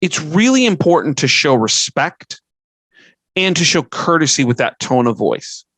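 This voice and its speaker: A man's voice: a little high, very animated, measured pace, a bit bright, husky, no echo, poor audio. Earnest middle-aged man giving advice. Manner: earnest, lists points, restarts sentences. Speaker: podcast host and fundraising consultant. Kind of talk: conversational talk giving advice.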